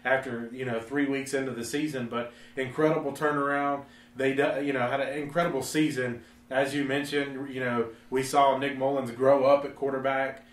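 A man's voice: mid-range voice, level tone, normal speed, far from the mic. A man hosting a local sports show, reading scripted lines and putting questions to his co-host. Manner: smooth, reads lines and asks questions. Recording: echoey, a bit off mic.

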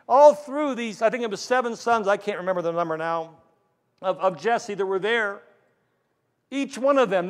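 A man with a high, light voice preaches a sermon from the pulpit. He tells a Bible story in a storytelling way and acts out the lines of the figures in it. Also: normal speed, big-room sound. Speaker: pastor.

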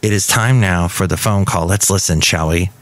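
A man's voice: low voice, normal speed, a bit bright. A man hosting his own podcast in a chatty, rambling, self-mocking way. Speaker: podcast host. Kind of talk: casual chat.

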